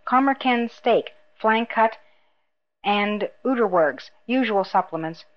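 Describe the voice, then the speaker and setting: A woman voicing a dazed, distant male waiter who answers slowly and perfunctorily. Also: a little high, muffled recording. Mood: bored. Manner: slow, flat, perfunctory.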